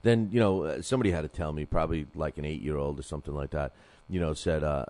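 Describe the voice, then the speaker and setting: Deep-voiced rambling boxing show host. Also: male voice, lively intonation, fast, a little mellow, no echo. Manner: rambling, full of fillers and restarts, calls listeners "man". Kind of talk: casual boxing commentary.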